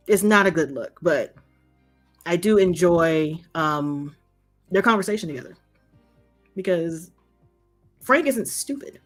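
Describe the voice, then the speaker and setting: A woman in casual chat, expressive and slangy, riffing on a TV show with co-hosts. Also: lowish voice, a little slow, long pauses, soft background music. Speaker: co-host of a TV episode discussion.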